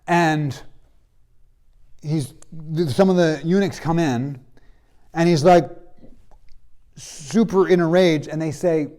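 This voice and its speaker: Casual, high-voiced male Bible teacher. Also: slow pace, pauses often, dark tone. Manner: casual, storytelling, acts out characters' lines. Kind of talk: classroom lecture. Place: classroom.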